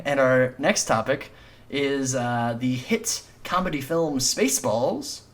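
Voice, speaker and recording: A man's voice: medium pitch, slow pace. A young man co-hosting a casual comedy podcast, teasing his friend, making self-deprecating jokes and laughing often. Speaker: podcast co-host.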